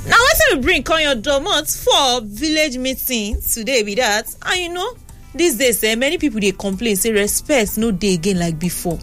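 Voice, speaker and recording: A young Nigerian woman hosting a radio talk show, chatting and telling stories in an animated way on a studio mic. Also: a little high. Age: young adult. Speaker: radio host. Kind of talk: casual radio talk and storytelling. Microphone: studio microphone.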